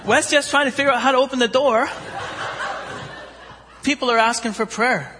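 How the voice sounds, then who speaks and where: High bright husky preacher in a hall. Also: male voice, moderate pace, pauses often, a faint crowd, a little hiss or hum. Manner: animated, acts out characters. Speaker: pastor. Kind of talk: sermon storytelling. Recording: long hall reverb.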